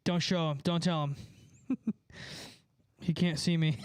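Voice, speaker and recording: A man's voice: high-pitched, normal speed, pauses often, clean tone, dry recording. A young man casually chatting on a live stream, laughing a lot and swearing as he mocks someone. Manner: laughing, mocking, profane.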